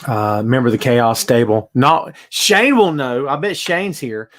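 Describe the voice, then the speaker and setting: This podcast host speaks at a measured pace in a medium pitch, with lively intonation and a slightly bright tone. He runs a laid-back live-streamed wrestling show from his home, where a bass amp sits in the room, and welcomes viewers by name.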